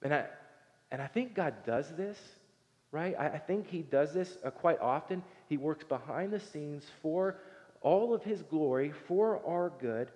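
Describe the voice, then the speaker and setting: Male pastor, 30s, conversational sermon, acts out voices, slightly high voice, long hall echo. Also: expressive, a little slow, darkish tone.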